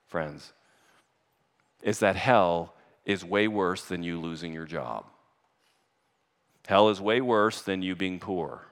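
A man's voice: deep voice, fairly bright tone, clear, resonant tone, big-room sound. A man preaching a sermon to his church in an earnest voice that rises to urgent emphasis. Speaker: pastor. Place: church sanctuary.

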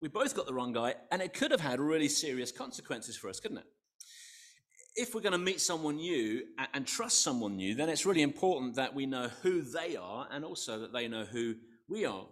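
A man's voice: mid-range voice, very animated, brisk. A middle-aged man, a preacher, opening his sermon with a self-deprecating personal story in a conversational storytelling manner.

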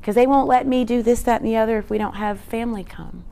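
A woman voicing a pleading young adult daughter in rehab, lifting her pitch slightly. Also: fast talker, gravelly, dark tone.

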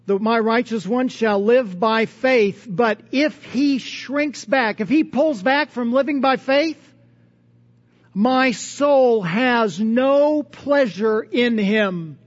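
A man's voice: very high voice, dull audio. A man preaching a sermon in an earnest, conversational way, posing strings of rhetorical questions. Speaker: pastor.

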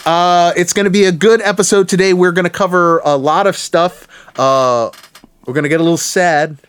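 A man's voice: high voice, steady tone, moderate pace, fairly bright tone, smooth. A man hosting a casual podcast chat, joking and laughing often between remarks. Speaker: podcast host.

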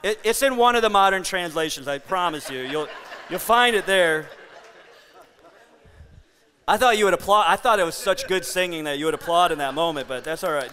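A man's voice: high voice, lively intonation, fairly quick, in a large hall, background noise. A man preaching a sermon to a congregation, playful and joking with the crowd. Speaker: pastor. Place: church hall.

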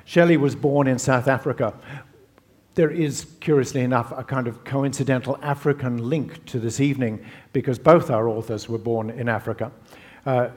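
A man's voice: mid-range voice, a little mellow. A man hosting an author event, reading a formal introduction of his guest and then asking her a question. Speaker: event host.

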